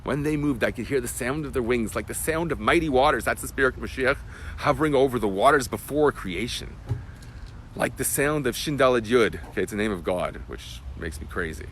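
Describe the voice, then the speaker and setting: A man, a rabbi, giving an emotional Torah class that swings from loud bursts to hushed whispers. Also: mid-range voice, a little fast, a little hiss or hum. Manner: animated, emotional teaching.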